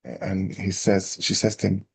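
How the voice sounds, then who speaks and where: A man, a rabbi telling a parable in a lively storytelling class. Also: low voice, measured pace, vocal fry, slightly rough. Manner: animated storyteller, acting out quotes.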